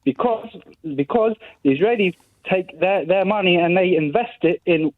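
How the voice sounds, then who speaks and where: A man's voice: high-pitched, expressive, normal speed. A man calling into a radio show, agitated and stammering, repeating words as he argues. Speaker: caller. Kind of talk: radio phone-in call. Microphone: phone line. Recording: tinny phone line.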